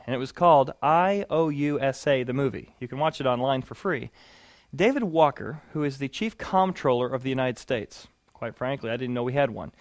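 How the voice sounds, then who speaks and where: A man teaching a sermon-style session, telling stories with lively animation that builds to loud punchlines. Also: mid-range voice, no room sound. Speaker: preacher teaching a series.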